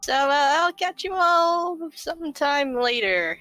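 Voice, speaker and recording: Woman playing a busy young messenger goddess, bright voice, friendly, a bit harried. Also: sits high, sing-song, slow, faint music behind, voice pushed up, full character voice. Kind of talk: tabletop role-play.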